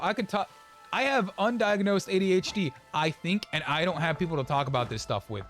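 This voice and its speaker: A young man streaming a game and chatting casually, rambling with many restarts and quick laughs. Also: high voice, a bit bright, faint music behind. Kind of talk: casual chat while gaming.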